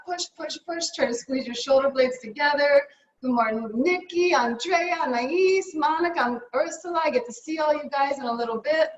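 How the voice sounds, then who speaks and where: A woman teaching a live yoga class, cueing poses in a brisk, upbeat way and a little out of breath. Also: high voice. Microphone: camera mic at a distance. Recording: echoey room, from far off.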